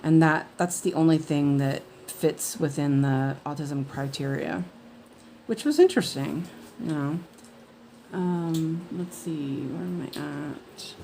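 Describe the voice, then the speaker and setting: A woman's voice: sits low, slow, gravelly, dark tone, a little hiss or hum. A woman hosting a cross-stitch livestream, chatting casually and rambling with many fillers and restarts. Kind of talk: casual chat while stitching.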